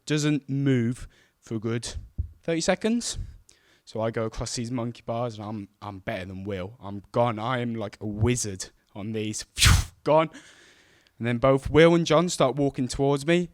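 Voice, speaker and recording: A young man telling a true story on stage, animated and self-mocking as he acts out the scenes. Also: mid-range voice, measured pace, no echo, studio quality. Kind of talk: live storytelling to an audience. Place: stage at a live event.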